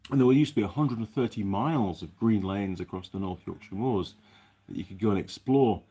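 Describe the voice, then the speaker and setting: A mechanic streams a relaxed live chat from his workshop, wandering through viewer comments and restarting his sentences a lot. His lowish voice is mellow with a breathy edge and runs a little fast.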